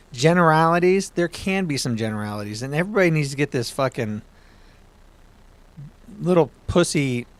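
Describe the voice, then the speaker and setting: A man co-hosting a podcast, talking bluntly and with lots of swearing in a heated casual debate. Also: medium pitch. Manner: blunt, profane, animated ranting. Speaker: podcast co-host.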